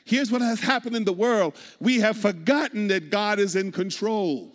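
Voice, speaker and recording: High-voiced preaching man in an echoing church. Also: normal speed. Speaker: pastor. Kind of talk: sermon. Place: church sanctuary. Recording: long hall reverb.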